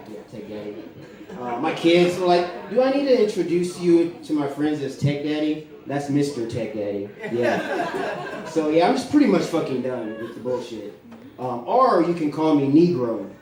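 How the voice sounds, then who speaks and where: A young man doing a rambling, profane stand-up set on stage, with lots of fillers and a deadpan delivery. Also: medium pitch. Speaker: stand-up comedian. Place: comedy club stage. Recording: echoey club from far off, crowd laughing. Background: audience laughter.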